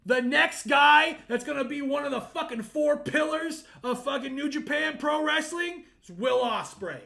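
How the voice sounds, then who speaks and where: A man co-hosting a casual podcast, ranting loudly and profanely with frequent shouts. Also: very high-pitched, lively intonation, normal speed, creaky. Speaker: podcast co-host.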